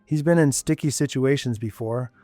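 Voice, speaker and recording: A man reading scripted narration for an audio story in an even, measured way. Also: mid-range voice, no room sound, faint music behind.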